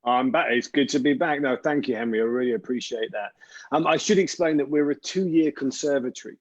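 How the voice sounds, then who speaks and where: A man's voice: mid-range voice, brisk, no echo, lo-fi sound. A man hosting an online information session for an acting school, chatty and rambling, with frequent restarts. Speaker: school representative and host. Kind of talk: webinar presentation.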